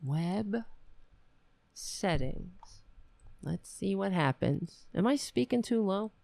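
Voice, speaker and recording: A woman's voice: medium pitch, lively intonation, takes it slowly, gravelly, warm tone, no room sound. A woman hosting a podcast, talking in a blunt, profane, rambling way in casual commentary. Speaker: podcast host. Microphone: webcam setup.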